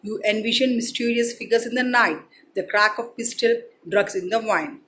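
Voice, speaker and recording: A woman's voice: fairly high pitch, normal speed, a bit bright, slight background noise, close to an everyday voice. A woman reading a fat, wry old secret agent. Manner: reads the quoted lines plainly, barely acted. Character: fat middle-aged American secret agent, amused.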